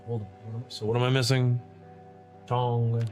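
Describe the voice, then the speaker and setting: A man gives relaxed, slow, self-talking gameplay commentary, swearing often and joking with himself. His voice sits at an ordinary middle pitch. Faint music plays in the background. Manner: loose, profane, talking to himself. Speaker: gaming streamer and server host.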